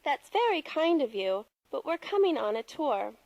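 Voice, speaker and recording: A woman voicing a friendly caller in a textbook audio dialogue, speaking clearly and politely. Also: high voice, sing-song, normal speed, a little mellow, dry recording, rough recording.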